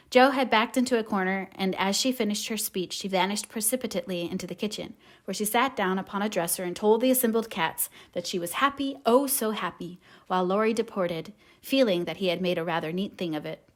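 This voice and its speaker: A woman reads a classic novel aloud as an audiobook narrator. Her pace is measured and her delivery gentle. Her voice sits at an ordinary middle pitch for a woman.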